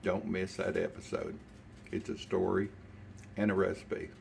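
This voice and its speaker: A man's voice: low-pitched, flat delivery, gravelly, a little hiss or hum. An older man with a Southern US accent, casually chatting while cooking and eating in his home kitchen. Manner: folksy, unhurried, talks while eating. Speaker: cooking show host.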